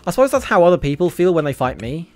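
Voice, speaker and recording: A British man streaming a game live, talking in a rambling, sarcastic way with sudden excited outbursts. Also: fairly high pitch, fast talker, slight background noise. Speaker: gaming streamer. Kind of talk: casual live gameplay commentary.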